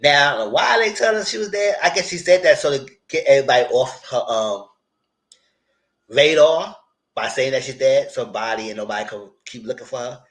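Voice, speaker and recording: A man's voice: mid-range voice, normal speed. A man giving a casual live recap of a TV episode, talking straight to his viewers and acting out the characters' lines as he goes. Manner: animated, acts out characters' lines in quotes; chatty, addresses viewers directly. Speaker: TV show reviewer.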